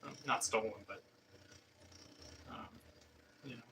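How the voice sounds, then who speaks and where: A man's voice: on the low side, takes it slowly. A man streaming himself at a pottery wheel, chatting with viewers in a rambling, hesitant way full of fillers and restarts. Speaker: pottery livestreamer. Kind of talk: casual chat with live chat while throwing pottery. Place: pottery studio with a wheel running. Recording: distant mic with faint room noise.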